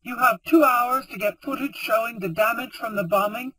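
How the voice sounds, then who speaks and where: A man's voice: very high voice, normal speed, sharp tone, far from the mic, voice pushed up, full character voice, low-quality recording. A man reading the lines of a stern, tired woman president who gives curt orders. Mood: commanding.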